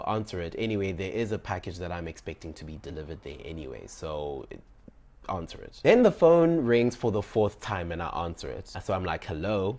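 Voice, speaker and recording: Young guy telling a story, lowish voice, super animated, acts out the dialogue. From South Africa. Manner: animated and dramatic, acting out his own dialogue. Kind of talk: personal storytelling.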